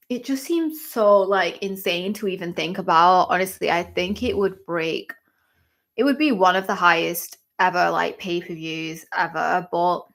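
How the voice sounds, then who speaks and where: A woman hosting a live fight-watching stream, chatty and excitable, with lots of exclamations and fillers. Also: lowish voice, creaky. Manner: chatty, filler-heavy talk. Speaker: livestream host.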